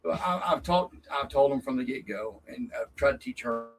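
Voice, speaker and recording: A man, a racing dad, telling stories in a lively way and acting out what people said. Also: normal speed, vocal fry, low-quality recording. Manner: lively, acts out quotes with raised pitch. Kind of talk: animated storytelling.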